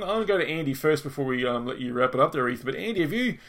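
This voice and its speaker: A man's voice: on the high side, animated, rapid-fire, few pauses, fairly bright tone. A man hosting a podcast, reading an article aloud and then chatting enthusiastically with lots of fillers. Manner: enthusiastic, loose and rambling, with frequent fillers. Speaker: podcast host.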